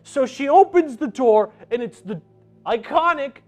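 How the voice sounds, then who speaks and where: A man co-hosting a casual review chat, animated and acting out characters in quick impressions. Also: very high voice, soft background music. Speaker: podcast co-host.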